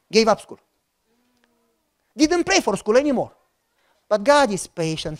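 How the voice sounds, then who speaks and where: A middle-aged man with a Romanian accent, a pastor telling a story in a sermon, animated and joking as he acts out the dialogue. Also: high voice, measured pace, long pauses.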